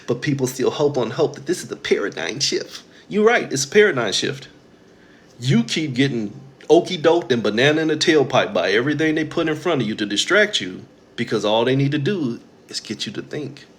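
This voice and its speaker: A man's voice: mid-range voice, lively intonation, normal speed, a bit bright. A man, giving a blunt, profane spiritual monologue to his audience as host. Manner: blunt, profane and preachy, mimicking others in quoted asides.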